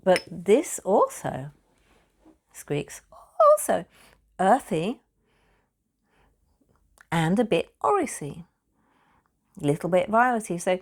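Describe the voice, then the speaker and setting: A British woman, a perfumer, talking casually about perfume materials. She is chatty, laughs often and repeats her words when she gets excited. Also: fairly low pitch.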